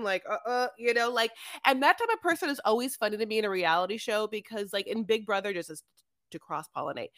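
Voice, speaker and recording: A woman's voice: on the high side, a bit bright, dry recording. A woman co-hosting a podcast, rambling through a recap with lots of fillers. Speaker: podcast co-host. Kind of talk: casual recap chat.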